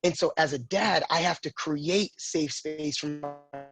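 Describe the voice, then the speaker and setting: A man's voice: on the high side, unhurried, a bit bright, soft background music. A man in his late thirties, speaking earnestly and frankly as an interview guest, often repeating words as he works through a thought. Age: 30s. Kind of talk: casual conversational interview.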